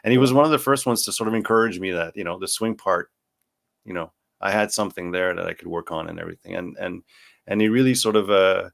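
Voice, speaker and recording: A male podcast host with a somewhat low voice talks in a relaxed interview chat. He searches for words as he goes, with lots of fillers and restarts. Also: fast talker, vocal fry. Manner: hesitant, filler-heavy recollection.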